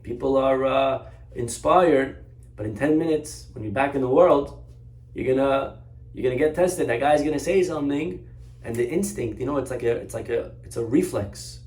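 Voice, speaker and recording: A man's voice: medium pitch, moderate pace, a little mellow. A man, a rabbi, teaching a Torah class through an earnest story. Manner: earnest, story-driven, exhorting. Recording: roomy echo, far from mic.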